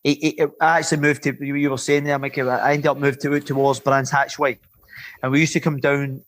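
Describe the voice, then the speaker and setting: A Scottish man in his fifties, a former footballer and podcast guest, telling lively rambling stories and swearing freely. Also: mid-range voice, brisk. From Scotland. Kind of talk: casual anecdotal storytelling.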